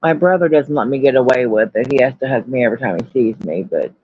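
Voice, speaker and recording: A woman's voice: rumbling low, expressive, fast talker, slightly rough, dry recording, lo-fi sound. A woman chatting casually on a live stream, candid and rambling, and often putting herself down. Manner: candid, rambling, self-deprecating. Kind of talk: casual chat.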